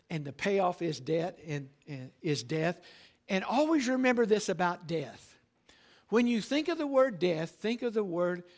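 An older man preaching a sermon, emphatic, slowing down on key phrases and often checking in with "all right?". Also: sits high. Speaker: pastor.

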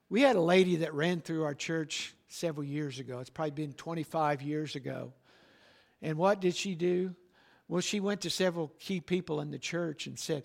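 Middle-aged pastor guy preaching hard, high voice with a gravelly edge. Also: lively intonation, normal speed. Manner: emphatic, rising to loud preaching with frequent "all right?". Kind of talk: preaching a sermon.

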